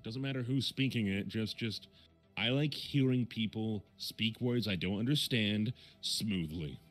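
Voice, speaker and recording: A man's voice: on the low side, measured pace, faint music behind. A man with a Midwestern American accent, hosting a casual chat stream and rambling with lots of fillers and self-corrections.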